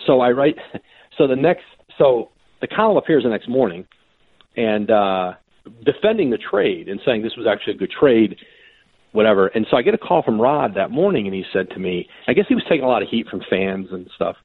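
A man telling stories as a sports reporter guest in casual conversation, with lively quoted voices and frequent restarts. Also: mid-range voice, brisk, husky, no room sound. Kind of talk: conversational storytelling. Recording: tinny phone-line audio.

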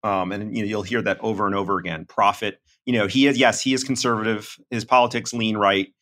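A middle-aged man talking through a podcast discussion in a measured, analytical way, with many fillers. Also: lowish voice, steady tone, bright, forceful tone. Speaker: reporter and podcast co-host.

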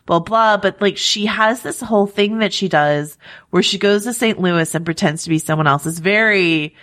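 A woman's voice: medium pitch, moderate pace, fairly bright tone. A woman co-hosting a TV recap podcast, chatting casually with lots of likes and ums. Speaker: podcast co-host. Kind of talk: casual chat.

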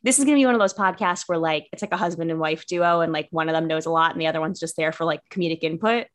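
A woman's voice: low-pitched, rapid-fire. A woman guesting on a podcast in casual chat, self-deprecating, giggly and rambling.

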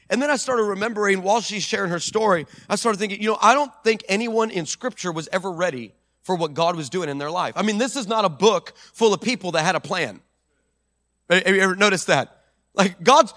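High, bright-voiced preaching pastor. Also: male voice, a little fast. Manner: animated preaching, swings from loud declarations to hushed storytelling; acts out quoted voices in story. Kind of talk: sermon. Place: church service.

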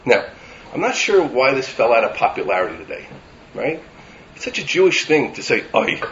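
A man delivering a sermon as a rabbi, animated and building to emphatic lists. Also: mid-range voice, moderate pace, highs cut off, slight background noise.

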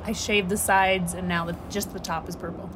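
A woman's voice: on the low side, little pitch movement, normal speed, background noise. A woman co-hosting a podcast in casual chat, giggly and teasing. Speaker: podcast co-host.

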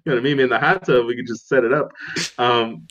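A young man co-hosting a podcast casually tells a story, animatedly acting out the people he quotes in a raised voice. He speaks at medium pitch and a little fast, and the audio is dull.

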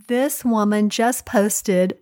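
A woman's voice: medium pitch, a little mellow, no room sound, studio quality. A middle-aged woman co-hosting a podcast, giving a chatty, story-filled pep talk. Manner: slow, chatty storytelling with frequent laughs. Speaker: podcast co-host. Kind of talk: solo pep talk monologue.

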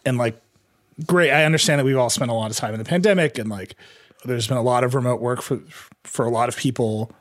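A man's voice: medium pitch, fairly quick, dry recording, studio quality. A man co-hosting a tech podcast, talking in a rambling, sarcastic way full of "like". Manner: animated, rambling, sarcastic with lots of "like". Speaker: podcast co-host. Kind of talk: casual panel discussion.

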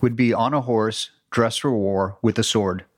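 A man's voice: on the low side, unhurried. A man co-hosting a podcast, chatting casually and joking around. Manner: playful, joking. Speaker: podcast co-host. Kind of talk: casual chat.

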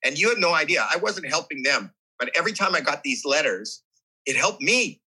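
A man telling a deeply personal story as an interview guest, animated and emotional, often restarting his sentences. His voice has a husky edge and a very bright, forceful tone. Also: a little fast, low-quality recording.

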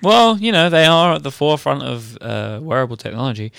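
A man's voice: medium pitch, fairly quick, gravelly, fairly bright tone, smooth, no echo, studio quality. A man co-hosting a comedy podcast, teasing his partner in a mock-serious way. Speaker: podcast co-host. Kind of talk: comedic banter.

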